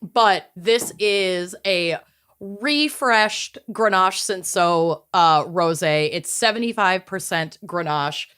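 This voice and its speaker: A woman's voice: fairly low pitch, takes it slowly, a bit bright, smooth. A woman co-hosting a podcast, bubbly and exclamatory, laughing often. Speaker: podcast co-host. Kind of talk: casual chat.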